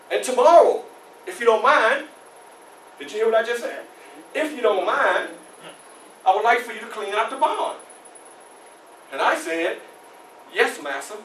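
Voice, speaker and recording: A man's voice: very high voice, a little hiss or hum, exaggerated voice. A man playing a defiant freed slave storyteller. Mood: wry. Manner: animated storytelling, shouts at tense moments. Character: formerly enslaved man recounting his youth, defiant. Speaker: historical reenactor. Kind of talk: one-man historical stage performance. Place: library meeting room. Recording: roomy library room, mic far off.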